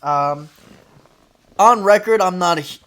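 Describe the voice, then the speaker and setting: A man's voice: high-pitched, measured pace, a bit bright. A man co-hosting a comedy podcast, telling a story in casual chat and teasingly reading out quoted lines. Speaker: podcast co-host. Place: podcast studio.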